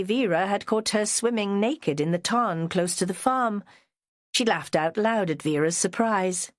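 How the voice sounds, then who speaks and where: A woman narrating a crime novel audiobook in an expressive storytelling manner. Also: lowish voice, no room sound, studio quality. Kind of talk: scripted narration.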